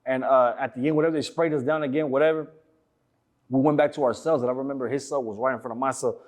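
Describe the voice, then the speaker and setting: A man's voice: mid-range voice, steady tone, fast. Slangy, profane man telling stories. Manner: slangy, profane, rambling with many fillers. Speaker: interview guest. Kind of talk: casual storytelling.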